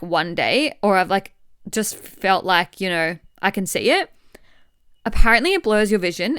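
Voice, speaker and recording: A woman's voice: medium pitch, smooth, no room sound, studio quality. A woman in her twenties hosting a podcast, chatting candidly and retelling conversations with lots of swearing and filler words. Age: 20s. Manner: chatty, swearing, animated retelling with quoted dialogue. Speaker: podcast host. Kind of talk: candid solo podcast chat.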